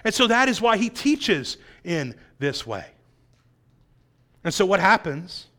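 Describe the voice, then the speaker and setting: A man with a notably high voice preaches a sermon through a passage. He leans hard on key points and keeps asking his listeners rhetorical questions. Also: sing-song, slow pace, pushed and bright. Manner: emphatic, asks rhetorical questions, acts out quotes. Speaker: pastor. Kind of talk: expository sermon.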